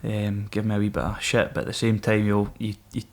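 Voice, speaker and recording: Low-voiced Scottish man telling army banter stories. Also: monotone, brisk. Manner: swearing, banter-filled storytelling. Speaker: podcast guest, former Royal Marine. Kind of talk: casual chat.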